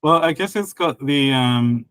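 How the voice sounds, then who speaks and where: A man chatting casually on a podcast, explaining a constructed language, with many fillers and a patient, halting delivery. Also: mid-range voice, lively intonation, fairly bright tone, no room sound, low-quality recording. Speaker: conlang creator guest and co-host. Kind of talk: casual podcast chat about linguistics.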